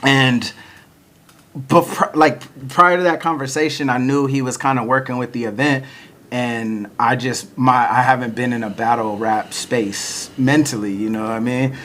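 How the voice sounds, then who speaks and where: Relaxed male podcast host at mid pitch, chatty storyteller, laughs as he goes. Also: moderate pace. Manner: laid-back, chuckles often, many fillers like "like" and "you know". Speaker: podcast host and battle rapper. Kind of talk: casual storytelling chat.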